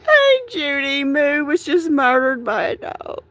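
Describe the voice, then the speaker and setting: A woman's voice: high-pitched, big pitch swings, unhurried, fairly bright tone, dry recording. A woman hosting a livestream from home into a phone, upset and tearful, rambling and breaking between shaky laughs and crying. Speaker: livestream host. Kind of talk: live-streamed chat to followers.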